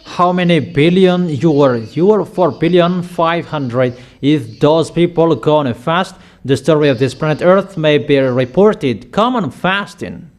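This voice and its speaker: A man preaching a sermon in slow, emphatic prophetic declarations. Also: a little high, a little mellow.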